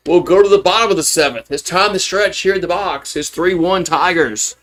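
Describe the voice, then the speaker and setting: A man calling a live baseball game as a fan streamer, openly rooting for his team, chatty and loose, with rambling asides between pitches. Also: a little fast, few pauses, fairly bright tone. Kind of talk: live baseball play-by-play commentary.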